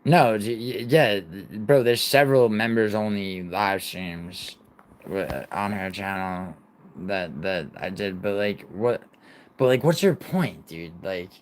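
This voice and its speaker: Profane, rambling young man streaming live. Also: lowish voice. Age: 20s. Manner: rambling, profane, reads and answers chat. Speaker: livestream host. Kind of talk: casual livestream chat.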